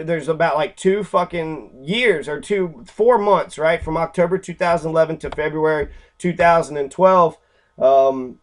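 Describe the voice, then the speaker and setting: A man talking in an angry, profane, rambling way, full of fillers and restarts, while pointing out pictures. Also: fairly high pitch. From Louisville, Kentucky. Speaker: activist lecturer.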